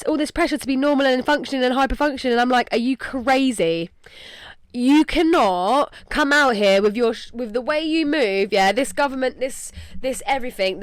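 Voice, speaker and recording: A woman's voice: high voice, dry recording. A young English woman hosting a podcast, talking candidly and emotionally in a rambling way full of "like". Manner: rambling, emotional, heavy use of "like". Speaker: podcast host. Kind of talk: candid casual podcast talk.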